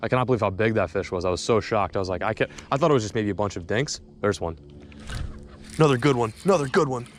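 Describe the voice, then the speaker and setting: A young man filming a fishing vlog on a riverbank, talking excitedly and stammering when a fish bites. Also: lowish voice, fast, a little hiss or hum. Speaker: fishing vlogger. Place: outdoors on a river bank.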